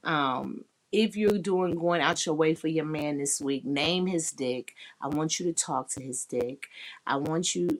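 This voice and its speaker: A woman hosting a sex-talk podcast, speaking frankly and profanely and laughing often. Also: low-pitched. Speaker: podcast host.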